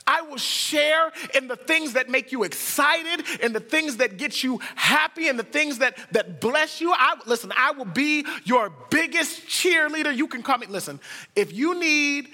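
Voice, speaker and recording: A man from the United States preaching, his voice high and bright, ringing out with a long hall reverb. He tells stories and moves from hushed lines to excited bursts. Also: measured pace. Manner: storytelling, swings from hushed to excited. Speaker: pastor. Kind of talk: sermon.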